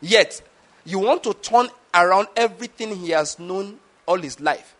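A man's voice: high voice, a little slow, a bit bright. A man, preaching a teaching sermon and often checking that the listeners follow. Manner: asks the audience questions, repeats words. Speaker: pastor.

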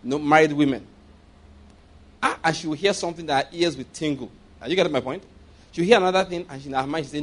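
A man's voice: a little high, quick pace, pauses often. A man preaching to a congregation, telling a personal story. He often repeats himself, laughs mid-sentence and asks the listeners rhetorical questions. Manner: repeats phrases, laughs often while speaking. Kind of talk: sermon storytelling.

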